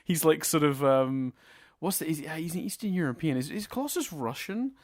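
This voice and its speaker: A man's voice: fairly high pitch, lively intonation, a little fast, darkish tone, no echo, clean studio sound. A man co-hosting a film review podcast, chatting enthusiastically, laughing often and swearing casually. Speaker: podcast co-host.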